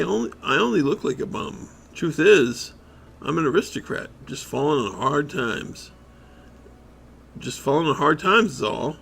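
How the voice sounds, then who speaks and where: A man voicing a scruffy older street bum who is pushy and always after coffee, with a gruff, drawling delivery. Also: mid-range voice, a bit bright, a little hiss or hum.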